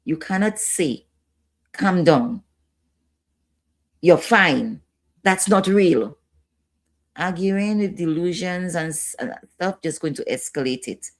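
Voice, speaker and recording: A woman's voice: on the low side, expressive, slow, long pauses. A woman instructor giving a training lecture, repeating key points and checking in with her listeners.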